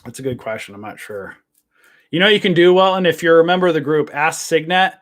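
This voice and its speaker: A man's voice: on the high side, brisk, a bit bright. A man hosting a casual live trading stream, rambling with lots of fillers and calling viewers guys. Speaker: trading show host. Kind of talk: casual livestream chat.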